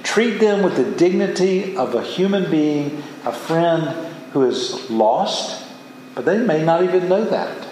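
Earnest pastor preaching in an echoing hall. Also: male voice, a little high, lively intonation, measured pace, a little mellow, slight background noise. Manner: earnest, emphatic preaching with rising exclamations. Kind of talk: sermon. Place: church sanctuary. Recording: echoey hall from far off.

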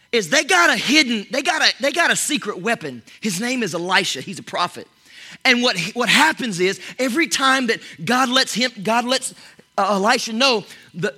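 A man preaching an animated sermon, swinging from loud exclamations to hushed whispers, often restarting and repeating his words. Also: high-pitched, husky. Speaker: pastor. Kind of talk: energetic sermon.

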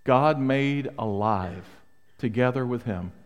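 A middle-aged male pastor delivering an emphatic sermon, pressing the room with questions. His voice sits at an ordinary pitch for a man. It rings out with the long reverb of a church sanctuary. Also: slow. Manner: emphatic, rhetorical questions to the congregation.

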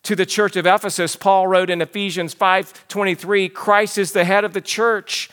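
Bright-voiced man preaching a sermon. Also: high-pitched, flat delivery. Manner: earnest teaching preacher, slows for emphasis. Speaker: pastor. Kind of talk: expository sermon.

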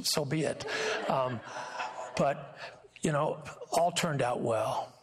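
A man gives a sermon as a guest pastor, earnest and storytelling, doubling back on his words as he goes. His voice is gravelly and slightly husky. It echoes with the long reverb of a church hall. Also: medium pitch, fairly bright tone. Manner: storytelling, earnest, frequent restarts. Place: church sanctuary.

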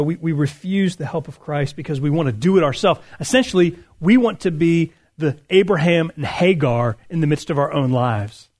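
Pastor, man with a high voice, preaching in an easy conversational way, reading and unpacking scripture. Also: a little mellow. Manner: conversational, with fillers and restarts. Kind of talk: sermon.

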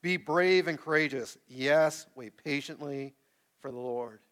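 A man in his forties delivers a sermon from the pulpit, his voice bright and a touch higher than most men's. He reads scripture and works the congregation with call-and-response, getting lively as he goes. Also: measured pace. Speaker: pastor. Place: church sanctuary with a live congregation.

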